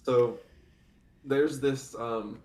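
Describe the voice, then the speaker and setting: A man's voice: mid-range voice, fairly even intonation, drawn-out words, a little mellow. A man co-hosting a casual anime podcast, recapping the plot in long rambling run-on sentences. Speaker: podcast co-host. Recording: echoey room.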